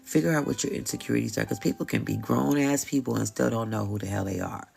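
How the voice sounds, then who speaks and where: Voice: medium pitch, fast talker, creaky, darkish tone. A tarot reader hosting a live stream, talking casually and bluntly with slang, swearing and frequent laughs.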